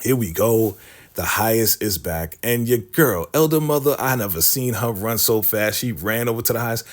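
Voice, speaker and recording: A man's voice: on the low side, lively intonation, normal speed. A man giving a casual TV episode recap, chatty, laughing often and addressing his viewers. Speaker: TV recap vlogger.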